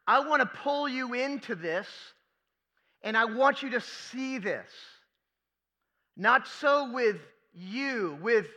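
Man, pastor, sermon, emphatic, rhetorical questions, high voice, sharp bright tone. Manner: emphatic, rhetorical questions, repeats key phrases.

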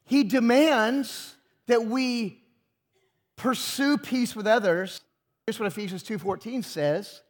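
A man's voice: very high voice, slow pace. A pastor preaching a sermon to his congregation, emphatic and full of rhetorical questions.

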